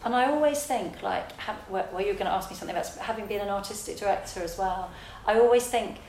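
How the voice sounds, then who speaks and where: A woman, a theatre director telling her story in a relaxed, reflective interview. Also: mid-range voice, fast, a little hiss or hum. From south London, England. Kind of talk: casual interview conversation. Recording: roomy echo.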